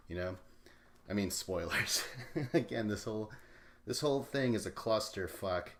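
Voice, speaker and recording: A man's voice: lowish voice, moderate pace. A young man hosting a casual solo recap podcast, rambling and swearing, laughing often and acting out imagined dialogue. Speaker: podcast host.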